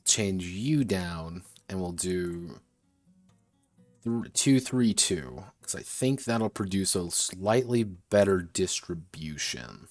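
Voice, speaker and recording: A man's voice: deep voice, animated, takes it slowly, no echo, faint music behind. A man streaming as he designs a tabletop game, thinking aloud in a muttering way, often correcting himself and swearing casually.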